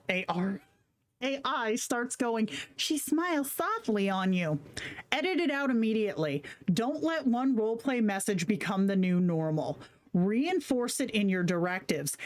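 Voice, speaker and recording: Woman streamer talking casually, slangy and kinda profane, reading chat out loud. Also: a little high. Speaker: livestream host.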